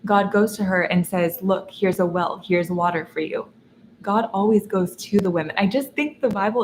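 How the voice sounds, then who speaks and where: A young woman teaches a masterclass in an earnest, animated way. Her voice sits low for a woman and she tells her stories with laughs here and there. A faint noise runs beneath her. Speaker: feminine energy coach. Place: in Dubai. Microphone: seated while teaching.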